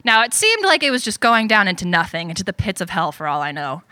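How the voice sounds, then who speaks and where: A young woman telling a personal story on stage at a story slam, animated and self-deprecating. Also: mid-range voice, quick pace, no echo.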